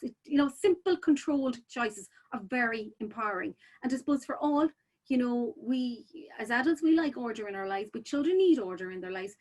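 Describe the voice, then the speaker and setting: A woman's voice: on the high side, animated, fairly quick, a little mellow. A woman presenting a childcare webinar in a chatty, informal way, full of "you know" fillers and restarts.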